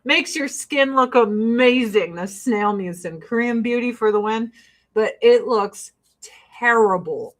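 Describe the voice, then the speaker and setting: A woman's voice: on the high side, unhurried, fairly bright tone. Profane, laughing middle-aged woman vlogger. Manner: blunt, profane, laughing storyteller. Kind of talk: casual get-ready-with-me chat.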